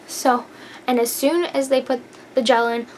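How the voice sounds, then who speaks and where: A woman's voice: high voice, a little slow, a little hiss or hum. A young woman vlogger telling a personal story in a casual, emphatic way. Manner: animated, emphatic, laughs while telling.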